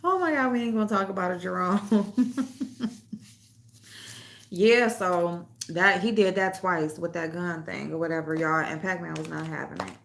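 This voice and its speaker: A woman's voice: on the low side, measured pace, gravelly, a bit bright, a little hiss or hum. A woman hosting a casual chat, telling stories loosely with lots of laughing and swearing, and speaking. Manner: loose storytelling, laughs often, swears freely, reads comments aloud. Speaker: host.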